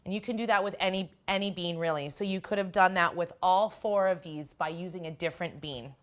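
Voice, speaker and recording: This cooking show host has a fairly low, slightly bright voice and speaks rather quickly. Chatty and cheerful, she talks the whole time she works through a recipe in a casual demonstration.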